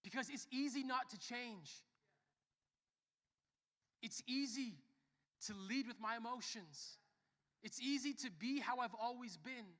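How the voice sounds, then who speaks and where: A young man preaching a sermon as a pastor, joking and telling stories, swinging from quiet to loud. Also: very high-pitched, unhurried, long pauses. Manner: lively, joking storyteller who shifts between soft and loud. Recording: long reverb of a church hall.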